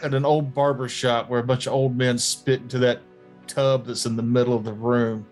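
A man's voice: medium pitch, little pitch movement, normal speed, darkish tone, soft background music. A man playing a tabletop game, joking in casual banter. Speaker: player.

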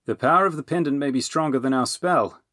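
A man voicing a calm, wise old male wizard who speaks in a measured, deliberate way. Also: medium pitch, no echo, studio quality, voice pushed up, natural voice. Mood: grave.

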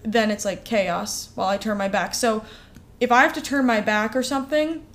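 A woman co-hosts a relaxed podcast chat, her voice sitting a little on the high side. She tells her stories in an animated way, stacking up "like" and "uh" as she goes. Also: moderate pace. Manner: animated storytelling with many fillers. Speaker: podcast co-host.

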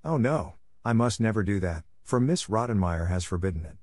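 A man voicing a timid, homesick little girl who speaks softly. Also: on the low side, expressive, fairly quick, no echo, studio quality. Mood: wistful. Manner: soft, timid.

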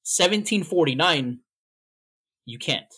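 A man co-hosting a podcast in a loose, joking chat. His voice sits a bit high, and he chuckles through his stories and swears casually. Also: slow, breathy edge. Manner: laughing, relaxed storytelling with swearing. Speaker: podcast co-host.

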